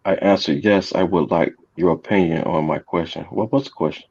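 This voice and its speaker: A man's voice: low-pitched, fairly quick, darkish tone, breathy edge, muffled recording. A man on a casual call-in chat, blunt and profane, pressing the others with questions.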